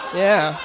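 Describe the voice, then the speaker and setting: A young man doing a stand-up comedy set on a club stage, telling awkward self-deprecating stories with crude jokes. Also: fairly bright tone.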